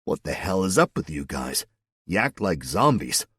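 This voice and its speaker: Male reader playing a deadpan country farmer; low, husky, close and dry. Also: normal speed, no room sound, full character voice. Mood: wry. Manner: dry, wisecracking. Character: wry small-town man, farmer.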